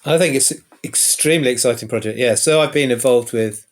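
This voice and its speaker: A man speaking as a guest on a tech podcast, with dry humor and some halting restarts. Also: mid-range voice. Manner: dry wit, hesitant restarts. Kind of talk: casual podcast chat.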